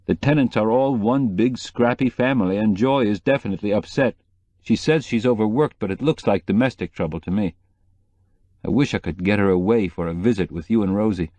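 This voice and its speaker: A man doing a low-voiced, confiding journalist. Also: brisk, a little mellow, no room sound, lightly acted. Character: middle-aged male journalist, dry and low-key.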